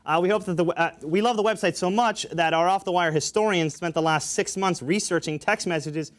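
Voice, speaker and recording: A man's voice: sits high, fairly quick. A young man hosting a college comedy show, joking through gag texts with many fillers. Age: young adult. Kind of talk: stand-up style show hosting. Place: college studio with audience.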